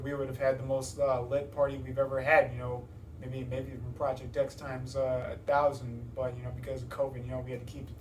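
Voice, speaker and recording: A man's voice: mid-range voice, a little hiss or hum. Rambling young man, roomy distant sound. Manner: rambling, many fillers and restarts. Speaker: interviewee. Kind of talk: casual interview talk.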